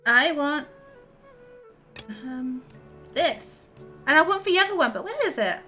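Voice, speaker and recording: A woman's voice: sits high, expressive, slow, bright, forceful tone, soft background music. A young woman streaming a game, chatty and giggly as she reacts to her chat. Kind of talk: casual gameplay chat.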